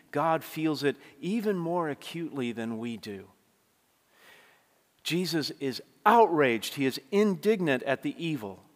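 A man delivers a sermon from the pulpit in a voice of middle pitch. He is earnest, dropping to near-hushed tones and then building to forceful climaxes. The sound carries a long church-hall reverb. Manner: earnest preaching, dynamic swings from hushed to forceful. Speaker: pastor.

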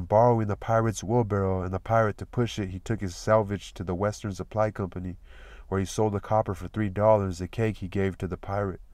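With a lowish voice and a steady, measured delivery, a male audiobook reader works through a novel. There's no room sound; the audio is close and dry.

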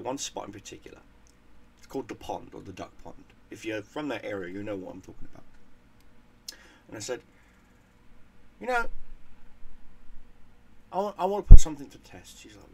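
A man's voice: medium pitch, creaky. A man hosting a gaming channel, telling a casual story in a profane, rambling way and repeating words as he goes.

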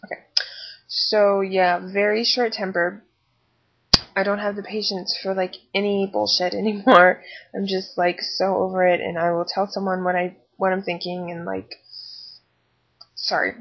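A tired, candid woman in her twenties chats in a pregnancy vlog recorded on a laptop webcam, full of fillers and asides. Her mid-range voice is a bit bright and a little slow, with little pitch movement. The recording sounds rough.

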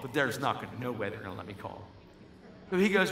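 Male preacher, bright and forceful, slightly high voice, animated storyteller, echoey hall. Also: brisk. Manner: animated storytelling, acts out voices, builds to shouting. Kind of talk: sermon testimony. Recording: echoey hall with faint music.

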